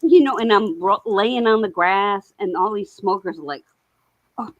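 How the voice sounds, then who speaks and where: A woman on a video call, chatting casually and telling rambling, animated stories. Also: mid-range voice, normal speed, dull audio. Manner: rambling, animated storytelling with laughs. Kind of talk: casual chat.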